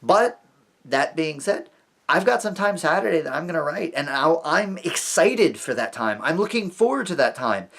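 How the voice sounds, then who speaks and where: A man's voice: fairly high pitch, very animated, moderate pace, gravelly, fairly bright tone. A man who teaches talks in a casual vlog monologue, rambling and reassuring, often stammering on repeated words. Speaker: vlogger and teacher.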